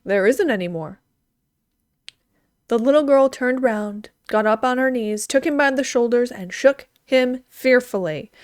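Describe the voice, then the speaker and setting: A woman reading a story aloud in a gentle, expressive way. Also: sits high, moderate pace, hardly any pauses, dry recording, clean studio sound.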